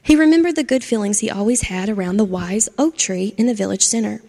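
A woman reading a children's storybook aloud with expressive narration. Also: medium pitch, fairly quick. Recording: long hall reverb.

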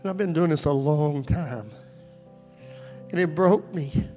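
A man's voice: fairly high pitch, a little slow, mellow, faint music behind. A man preaching a sermon at a church service, telling a story and then pleading fervently with his listeners.

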